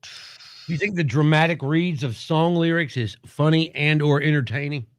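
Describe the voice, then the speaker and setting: A man's voice: on the high side, moderate pace, no echo. A man co-hosting a radio show, making wry, teasing remarks in casual banter. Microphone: studio mic.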